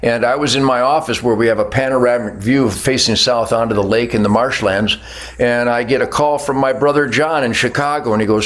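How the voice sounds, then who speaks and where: A man's voice: mid-range voice, fairly even intonation, fairly quick, poor audio. An older American man hosting a talk show, speaking with passion and stacking emphatic strings of words. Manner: impassioned, emphatic lists of words. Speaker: show host. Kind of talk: opinionated talk show chat.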